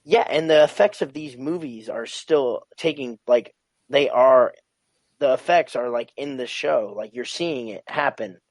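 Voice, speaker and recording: A young man guesting on a casual podcast, excitable and slangy, with lots of "like" and "bro". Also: medium pitch, measured pace, dry recording.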